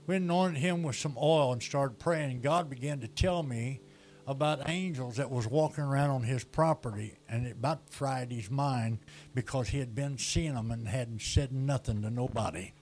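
A man's voice: medium pitch, normal speed, a little mellow. Man telling a sermon testimony. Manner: storytelling with quoted dialogue. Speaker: guest speaker.

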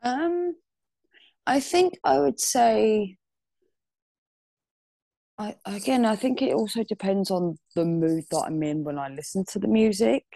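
A woman from the UK, a guest artist in a casual podcast interview, talking hesitantly with many pauses and restarts. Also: medium pitch, animated, vocal fry, warm tone, no echo.

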